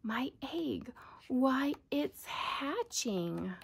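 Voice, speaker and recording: A woman reading a storybook aloud, voicing a faithful, gentle male elephant in a hushed, earnest whisper. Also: high voice, big pitch swings, drawn-out words, creaky, breathy edge, pitched above the performer's own voice, heavily acted. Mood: astonished.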